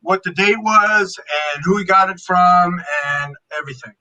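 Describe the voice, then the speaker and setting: A man dealing art on a live show, playful, reading out names haltingly. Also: high-pitched, sharp tone, low-quality recording. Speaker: art dealer. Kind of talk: live sales show banter.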